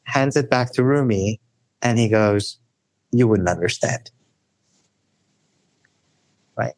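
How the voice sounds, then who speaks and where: A man telling stories as a guest scholar in a podcast interview, animated and often adding "right?". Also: no room sound. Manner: animated storyteller, rising high for emphasis; frequent "right?" tags.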